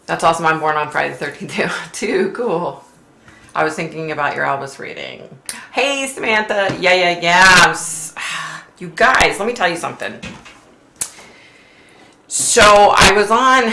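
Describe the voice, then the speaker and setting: A woman's voice: fairly low pitch, sharp tone, echoey room. A woman hosting a casual live stream, chatting with viewers and reading their comments aloud, with lots of "like" and "you know.". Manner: chatty, says "like" and "you know" a lot, reads out chat messages. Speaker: livestream host, psychic.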